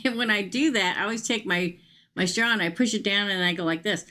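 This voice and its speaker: A woman's voice: mid-range voice, normal speed, pushed and bright. A middle-aged woman hosting a live-streamed tarot reading, chatty and emphatic, often checking in with her viewers. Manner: chatty and emphatic, frequent "okay?" asides.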